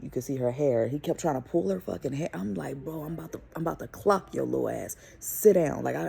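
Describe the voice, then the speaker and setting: Gravelly young mother telling a story. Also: a bass voice. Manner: animated, profane, emphatic retelling. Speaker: vlogger and mother. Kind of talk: casual storytelling to camera.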